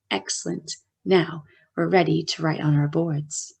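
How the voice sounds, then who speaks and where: A woman teacher with a Canadian accent, giving a slow, clear phonics lesson to young children and drawing out the letter sounds. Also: low voice, steady tone, a little mellow.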